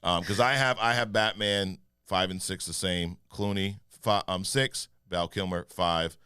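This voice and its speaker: A man co-hosting a podcast in casual, animated chat, joking and mimicking voices. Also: deep voice, unhurried, smooth, no room sound, clean studio sound. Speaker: podcast co-host.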